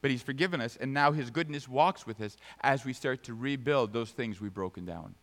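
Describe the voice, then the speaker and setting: A man preaching a sermon, swinging from sudden high, loud bursts to soft, low asides. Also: a little fast. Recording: long reverb of a large hall.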